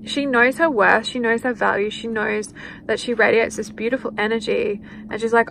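A woman with a slightly high voice walks through a spiritual card reading in a loose, chatty way. She keeps slipping into quoted thoughts for the people in the reading. A faint hiss sits under the recording. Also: fairly even intonation, normal speed, gravelly, a bit bright, rough recording. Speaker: tarot card reader.

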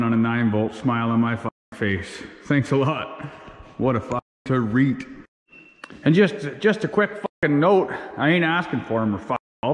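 A rowdy man rattles off crude, swear-filled banter as he opens packages. His voice sits at a middling pitch. It rings with a long reverb and a faint background hiss, like a garage. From Canada. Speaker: channel host. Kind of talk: casual unboxing vlog.

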